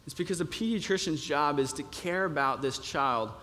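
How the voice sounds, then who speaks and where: A man's voice: fairly high pitch, normal speed, bright, forceful tone. A young man preaching a sermon in a conversational way, with many fillers and restarts. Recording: long reverb of a hall.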